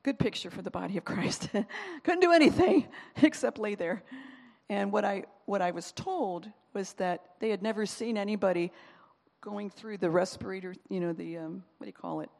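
A woman's voice: medium pitch, expressive, normal speed, gravelly, a little mellow. A woman giving a chatty personal faith testimony, laughing often and stopping to search for words. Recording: long reverb, as in a large hall.

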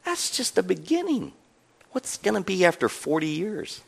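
Male preacher, fairly high voice, very lively intonation, chatty sermon storytelling, frequent chuckles. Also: normal speed, gravelly, slightly rough. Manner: animated, chuckling often, conversational. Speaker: pastor.

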